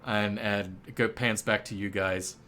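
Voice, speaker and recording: A man's voice: lowish voice, fairly even intonation, a little slow, bright, forceful tone, faint music behind. A man narrating a tabletop game as game master, rambling and hesitant with many fillers.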